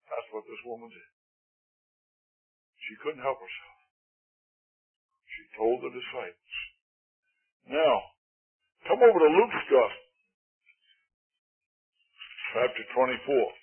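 A man preaching a sermon in a folksy, emphatic way, swinging between loud appeals and hushed asides. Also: medium pitch, very animated, slow, pauses often, breathy edge. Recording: tinny lo-fi old recording.

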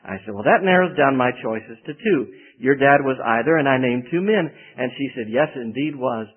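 Male preacher, folksy anecdotal sermon delivery, slightly husky, lo-fi phone-line audio. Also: mid-range voice, expressive, moderate pace. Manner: folksy storytelling, acts out quoted voices. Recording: tinny phone-like band.

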